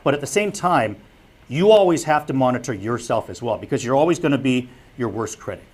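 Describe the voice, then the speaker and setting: A man's voice: medium pitch, expressive, brisk, a little mellow, slightly rough. A man who works as a sportscaster, giving a public lecture on broadcasting in an earnest, direct way, repeating his key advice. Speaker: broadcasting instructor and former sportscaster.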